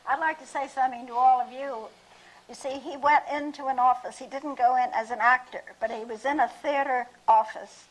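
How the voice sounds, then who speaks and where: Woman, high husky voice, encouraging panel advice to an audience. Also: steady tone, brisk, poor audio. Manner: encouraging, advising. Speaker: theatre panelist.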